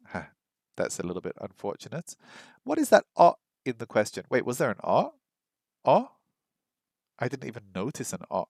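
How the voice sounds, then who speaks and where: A man's voice: mid-range voice, wildly swooping pitch, moderate pace, pauses often, dry recording. Chatty British man, dry close sound. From Britain. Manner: chatty, self-deprecating, full of ums and uhs. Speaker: language learning vlogger. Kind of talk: casual language-learning stream.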